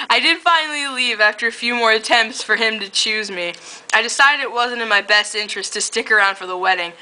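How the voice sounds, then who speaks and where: A woman's voice: a little high, fairly quick, sharp tone, poor audio. Giggly woman reading fan fiction. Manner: giggly, casual storytelling.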